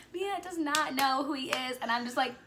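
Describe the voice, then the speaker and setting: A young female vlogger with a high-pitched voice recounts a story at normal speed, a crowd audible behind her. She chats casually and excitedly, gushing, saying "like" constantly and now and then slipping into a whisper.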